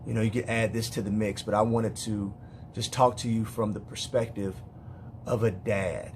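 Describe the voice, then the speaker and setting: A man speaking as a father in an emotional personal monologue, weary and heartfelt, halting with repeated words and restarts. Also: on the low side, level tone, a little mellow, a little hiss or hum. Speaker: father speaking to other parents.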